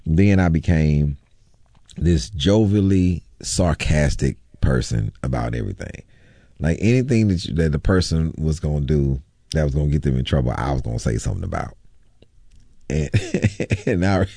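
A male comedian, a guest on an interview show, telling stories in an animated, sarcastic way. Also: rumbling low, normal speed, no room sound, clean studio sound. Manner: animated, sarcastic, laughing storytelling. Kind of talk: storytelling interview.

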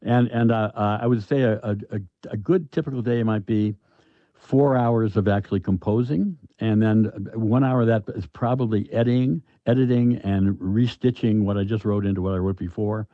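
An older man, an author, answering interview questions in a halting, thoughtful way with many restarts. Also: lowish voice, steady tone, no room sound. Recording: dull, lo-fi, dry sound.

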